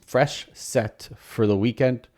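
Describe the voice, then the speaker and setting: A man's voice: mid-range voice, steady tone, takes it slowly, mellow. A man hosting a podcast on his own, talking casually with many fillers and restarts. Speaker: podcast host. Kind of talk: solo podcast commentary.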